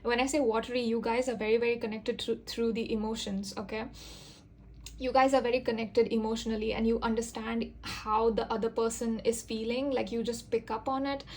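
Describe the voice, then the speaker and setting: A woman giving an intuitive tarot reading, speaking gently and earnestly with a reassuring, soft-spoken manner and frequent fillers. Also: a little high, level tone, fairly quick, slight background noise. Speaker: tarot reader.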